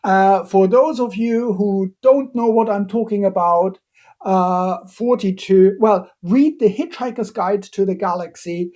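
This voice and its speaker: A man's voice: high voice, a little slow, mellow. A man giving a live-streamed biochemistry lecture, talking hesitantly with many fillers and playful asides while he answers questions from the chat.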